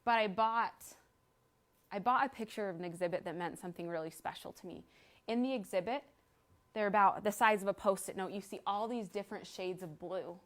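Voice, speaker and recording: A woman's voice: mid-range voice, brisk. Woman, thirties, live audience talk, earnest storyteller, medium voice. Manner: earnest, storytelling, guides the audience through an exercise. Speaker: speaker at a library event.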